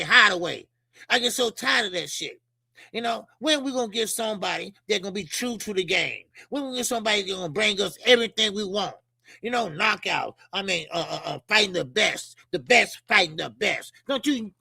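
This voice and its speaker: Brief: man, boxing show host, high gravelly voice, profane animated rant. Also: no echo, clean studio sound. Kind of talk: casual boxing commentary.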